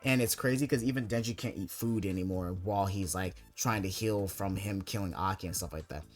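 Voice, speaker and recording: Young male essayist, lowish voice, casual rambling recap, lots of fillers, soft music under. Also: brisk. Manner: rambling, heavy filler words like "like" and "basically". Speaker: anime video essayist.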